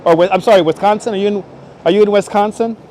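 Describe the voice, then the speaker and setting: A man's voice: sits high, quick pace, a little mellow, slight background noise. A man chatting casually with viewers while live-streaming as he walks city streets, greeting them by name and joking. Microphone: wireless clip-on mic.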